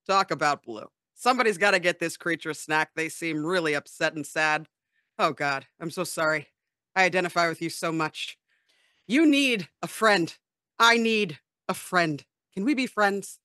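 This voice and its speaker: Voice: medium pitch, moderate pace, sharp tone, no room sound, studio quality, natural voice. A player doing a dim, sweet Kronk-like brute. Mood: earnest. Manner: goofy, earnest, overly friendly.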